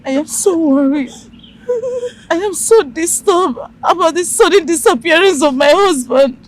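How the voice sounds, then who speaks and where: A tearful, worried wife. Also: female voice, extremely high pitch, unhurried. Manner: tearful, soothing. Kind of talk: Nollywood film acting.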